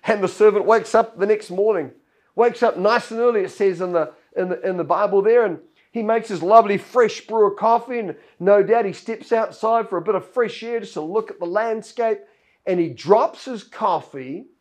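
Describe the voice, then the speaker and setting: Male pastor, higher-pitched voice, storytelling sermon delivery. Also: moderate pace. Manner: storytelling, acts out Bible characters' lines.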